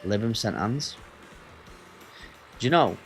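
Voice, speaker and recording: A man's voice: fairly low pitch, lively intonation, slow, creaky, soft background music. A man, chatting casually and swearing as he streams a racing game. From Northwest England. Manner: chatty, banters with chat, swears. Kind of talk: casual gaming stream chat.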